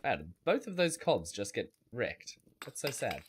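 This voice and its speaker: Slow, lively-pitched game streamer man. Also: a little hiss or hum. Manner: rambling, wry, chats with viewers. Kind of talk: casual gameplay commentary.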